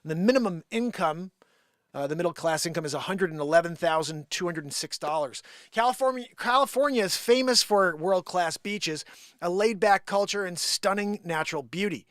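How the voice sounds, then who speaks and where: A man's voice: high-pitched, moderate pace, fairly bright tone, no room sound, clean studio sound. A man hosting a live comedy show who reads an article aloud and breaks in with sarcastic, mocking asides. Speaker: comedy live-stream host. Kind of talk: comic rant reading an article aloud.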